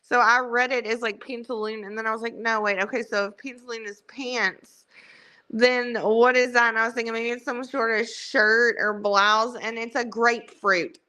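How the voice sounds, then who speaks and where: A woman's voice: fairly high pitch, fairly even intonation, normal speed, sharp tone, clean tone. A woman with a Southern US country accent, hosting a livestream in chatty, rambling, self-mocking casual talk. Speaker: livestream host. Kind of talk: casual chat.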